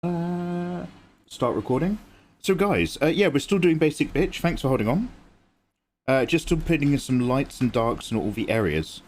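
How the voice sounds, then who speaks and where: A man's voice: on the high side, animated, moderate pace, a little mellow, slight background noise. A young man, chatting casually with viewers and explaining his drawing as he works on a livestream. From England. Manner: chatty, reads and answers chat, explains as he works. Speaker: livestream artist.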